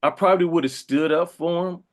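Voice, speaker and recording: A man, an actor being interviewed, telling funny anecdotes in a casual, animated way, slipping into voiced quotes. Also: on the high side, a little fast. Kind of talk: casual storytelling.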